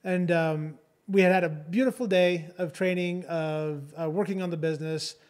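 A man's voice: a little high, normal speed, darkish tone. A man co-hosting a podcast, telling a story in a chatty, casual way and often checking in with "right?". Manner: chatty, keeps adding "right?" and "like". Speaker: podcast co-host.

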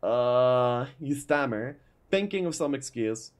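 Lively man reading game story aloud. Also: mid-range voice, moderate pace. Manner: dramatic read-aloud with frequent "uh" and asides. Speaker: gaming YouTuber reading a map's story. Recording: faint music behind.

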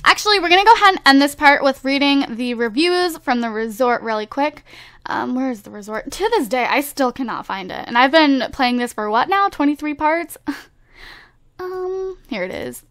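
A woman's voice: high-pitched, animated, normal speed, fairly bright tone. A woman hosting a casual let's-play, chatting to her viewers and teasing the game characters, with lots of filler words. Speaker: gameplay video host.

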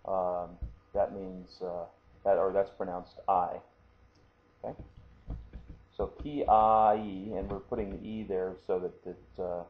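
Low-voiced man explaining patiently, tinny audio. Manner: patient, explanatory, frequent "okay?" check-ins. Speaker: martial arts instructor. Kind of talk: screen-recorded lesson. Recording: tinny phone-like audio, faint hiss.

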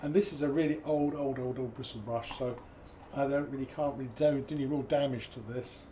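A hoarse man, teaching painting on a live stream in a chatty, digressive way with jokey asides. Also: medium pitch, steady tone, fairly quick, mellow, lo-fi sound, a little hiss or hum. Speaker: painting instructor.

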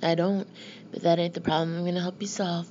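A woman's voice: fairly low pitch, little pitch movement, fairly quick, mellow, dull audio, a little hiss or hum, close to an everyday voice. A woman reading the lines of a cocky, streetwise older brother who talks in blunt slang and teases his sibling. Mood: teasing.

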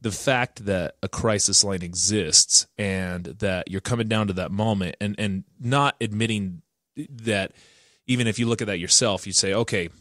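A man's voice: on the low side, moderate pace, a bit bright, no echo, studio quality. Joking, laid-back male podcast host. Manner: joking, laughs often, says dude. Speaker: podcast host, social worker. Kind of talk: casual chat.

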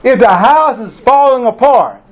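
A man's voice: very high-pitched, lively intonation, measured pace. A man telling a story to an audience in a folksy way, often checking in with "right?". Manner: folksy, repetitive, keeps asking "right?". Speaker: motivational speaker.

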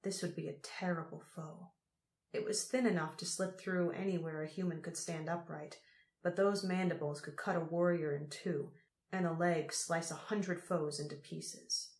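A woman narrating an audiobook in a steady, measured way. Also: fairly low pitch. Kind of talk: scripted narration. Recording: roomy echo.

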